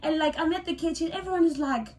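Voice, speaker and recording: A woman's voice: very high voice, quick pace, darkish tone. A young South African woman vlogger telling a personal story in a casual, emotional, exclamatory way. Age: young adult.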